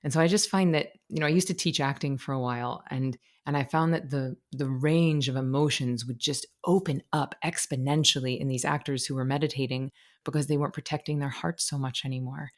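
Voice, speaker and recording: A woman's voice: a bass voice, steady tone, brisk, hardly any pauses. A woman speaking as a podcast guest and meditation teacher, explaining ideas expressively through analogies and stories. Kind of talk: conversational interview.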